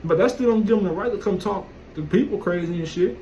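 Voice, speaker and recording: A man's voice: high voice, quick pace, dark tone, a little hiss or hum, rough recording. A man telling a casual, profane story in a blunt, streetwise way. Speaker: vlogger. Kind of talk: casual monologue.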